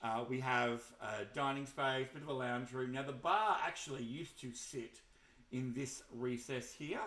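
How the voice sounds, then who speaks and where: A man's voice: mid-range voice, unhurried, fairly bright tone. A man giving a casual, chatty walkthrough of his video game house builds, enthusiastic and often restarting his sentences. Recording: roomy echo.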